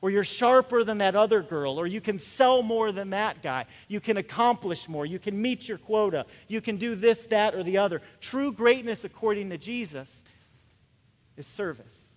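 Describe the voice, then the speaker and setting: A man preaching a sermon in a conversational way, acting out quick voices of the people in his stories. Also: high-pitched, lively intonation. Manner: conversational, acts out voices of characters. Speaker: pastor. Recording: long reverb of a large hall.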